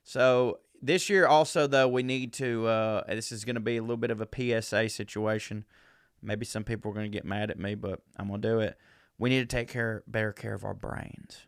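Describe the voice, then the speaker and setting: A man's voice: on the low side, steady tone, moderate pace, clear, resonant tone, no room sound, studio quality. A man from the South, hosting his podcast in a rambling, self-deprecating casual monologue and swearing freely. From American South. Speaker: podcast host.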